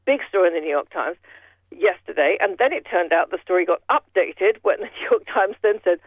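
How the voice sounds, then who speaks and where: A man's voice: high-pitched, expressive, a little fast, breathy edge, no echo. A man giving casual political commentary with a rambling, sardonic manner, full of restarts. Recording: tinny phone line.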